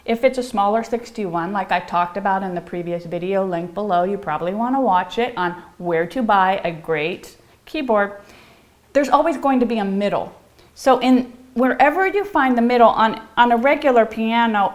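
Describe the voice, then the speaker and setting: Speaking at normal speed and medium pitch, a middle-aged piano teacher keeps her lesson playful. She turns bubbly and theatrical, chanting rhymes sing-song style and slipping into whispers.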